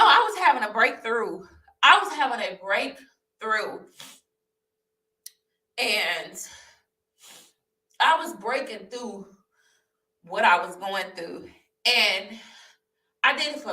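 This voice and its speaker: A woman's voice: fairly high pitch, sharp tone, far from the mic. A young woman fervently telling her personal testimony to camera, speaking to viewers as y'all and repeating phrases for emphasis. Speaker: vlogger sharing her testimony. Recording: echoey room, voice off-mic.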